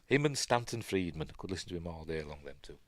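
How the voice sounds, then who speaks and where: An older man with a Yorkshire accent talks through his favourites in a loose, rambling way, often chuckling and drifting off to check details. His voice sits low but leaps around a great deal in pitch. The sound is dry and close. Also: lively intonation, fast talker, no room sound. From Yorkshire, England. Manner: rambling, chatty, laughs often, trails off to look things up. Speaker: podcast host. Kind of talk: casual solo chat.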